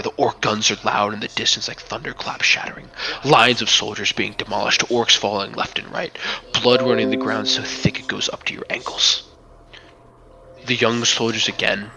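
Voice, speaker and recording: A man narrates a tabletop battle as game master, with a bright, forceful edge to his voice. His pitch sits a little low. He tells the story dramatically and often drops to a hush. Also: creaky, low-quality recording.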